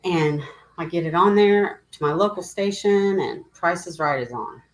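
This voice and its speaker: Low-voiced middle-aged lady rambling on her livestream, emotional, says hi to chatters. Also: unhurried, poor audio. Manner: rambling, emotional, greets viewers by name. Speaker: livestream host. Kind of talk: casual livestream chat.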